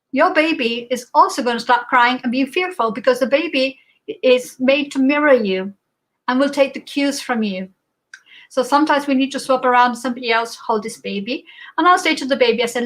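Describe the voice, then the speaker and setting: A woman giving a spiritual talk in a reflective way, pausing often with fillers. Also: high voice, a bit bright, rough recording. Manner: reflective, with many pauses and fillers. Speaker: guest speaker.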